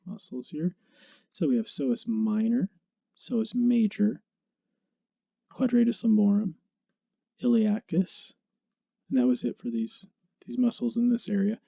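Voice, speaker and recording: A man explains anatomy in an easy, conversational lecture. His voice is very dark and mellow, and the recording sounds a little dull. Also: mid-range voice, a little slow, long pauses, husky. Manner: relaxed and conversational, with small restarts. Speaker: instructor.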